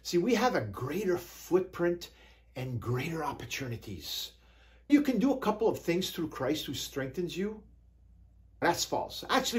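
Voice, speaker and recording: A man pastor preaching a sermon, reading scripture slowly with drawn-out emphasis and scattering hallelujahs between points. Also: high voice, darkish tone. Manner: peppers talk with hallelujahs.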